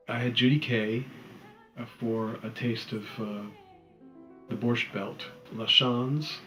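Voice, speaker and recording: A man presenting the artists of a show on the radio, talking enthusiastically with light fillers. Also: fairly low pitch. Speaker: music director presenting a show. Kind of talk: radio talk about a production.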